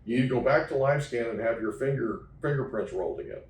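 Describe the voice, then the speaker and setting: Speaking at a quick pace in a medium pitch, a male podcast host tells a story emphatically in a casual interview, checking in often with "okay?". A distant mic picks him up in an echoey room, and there's slight background noise.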